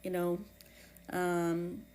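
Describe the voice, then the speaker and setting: A woman with a New England accent hosting her own podcast, reflecting in a casual, halting way with many fillers and restarts. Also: lowish voice, completely flat delivery, a little mellow. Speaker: podcast host.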